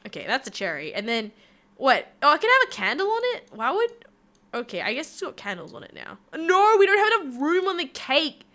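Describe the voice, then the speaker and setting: A woman's voice: high-pitched, wildly swooping pitch, a little fast, sharp tone. A young woman VTuber chatting playfully with her stream chat while she draws. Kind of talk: casual live-stream chat.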